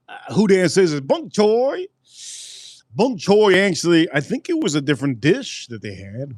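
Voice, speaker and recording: A man's voice: high voice, huge pitch swings, moderate pace, no echo, studio quality. A man rambling through a casual live-stream food review, repeating himself and answering his chat. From United States.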